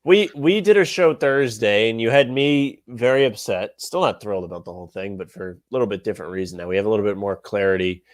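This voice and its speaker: A man co-hosting a sports podcast, talking in an opinionated, animated rant. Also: on the low side, fast, hardly any pauses, dry recording. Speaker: podcast co-host. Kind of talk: casual sports podcast chat.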